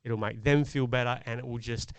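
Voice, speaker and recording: A man's voice: mid-range voice, fairly even intonation, brisk, smooth, no echo. A middle-aged man, a podcast co-host, telling a personal parenting story in an earnest, reflective way. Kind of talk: casual chat.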